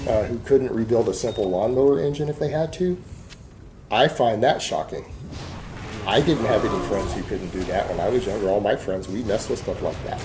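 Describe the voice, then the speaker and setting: Blunt Texan man over background noise. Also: on the low side. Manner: blunt, defiant, talks while hand-loading ammo. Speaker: vlogger. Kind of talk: casual rambling monologue.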